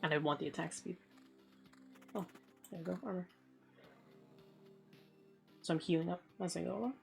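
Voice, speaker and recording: A woman's voice: lowish voice, normal speed, gravelly, faint music behind. A woman streamer giving casual let's play commentary, thinking aloud in a rambling, offhand way.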